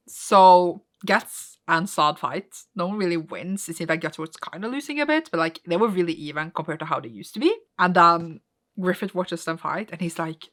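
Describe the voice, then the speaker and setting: A woman casually reacting to the manga she is reading in a vlog, swinging from soft muttered recaps to squealing, gasping outbursts. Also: fairly low pitch, normal speed.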